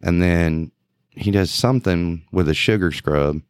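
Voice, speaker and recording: A lower-voiced man with a drawl spins a story in easy podcast chat, jumping up into the quoted lines and laughing as he goes. The recording is close and dry. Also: a little slow, clean tone, no room sound. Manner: animated storyteller, acts out quotes in a raised voice, laughs often. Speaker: podcast co-host, police officer.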